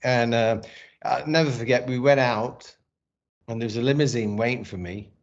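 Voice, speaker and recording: A man's voice: mid-range voice, normal speed. A middle-aged man telling a personal story in a casual interview, candid and emotional, swearing often. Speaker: podcast guest, former boxer and actor. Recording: dull lo-fi sound.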